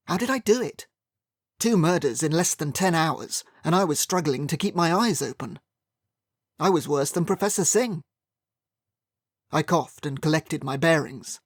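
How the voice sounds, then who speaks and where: Gravelly male audiobook narrator. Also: on the high side, no echo. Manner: dry, wry storytelling. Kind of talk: scripted first-person audiobook narration.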